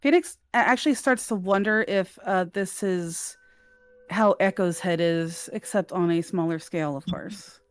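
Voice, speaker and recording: A woman's voice: on the low side, measured pace, no room sound. A woman player in a tabletop game, talking earnestly and often in character.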